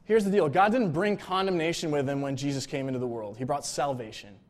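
A man preaching a sermon in a relaxed, conversational way, often checking in with "right?" and "like.". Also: a little high, brisk. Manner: casual, informal, frequent "like" and "right?" check-ins.

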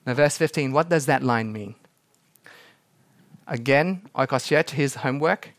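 A man preaching a sermon as pastor, dramatic, acting out quotes and slowing down for emphasis. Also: mid-range voice, fairly bright tone, no room sound.

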